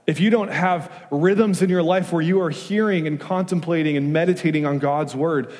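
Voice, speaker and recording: Emphatic pastor preaching in a reverberant hall. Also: male voice, on the high side. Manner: emphatic preaching with rhetorical questions, swinging from loud to hushed. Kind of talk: sermon. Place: church sanctuary.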